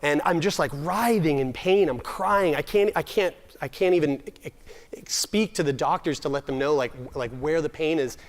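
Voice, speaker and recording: A man's voice: fairly high pitch, normal speed. A young man from Nova Scotia giving a humorous personal storytelling talk at a summit, self-deprecating with comic timing and frequent restarts. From Nova Scotia, Canada. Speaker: summit speaker.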